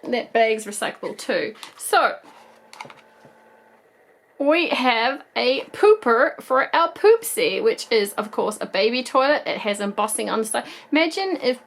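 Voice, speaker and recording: A woman unboxing toys as an adult collector, gushing and excitable, with rambling asides. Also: on the high side, measured pace, vocal fry. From New Zealand. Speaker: toy collector and vlogger. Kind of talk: toy unboxing vlog.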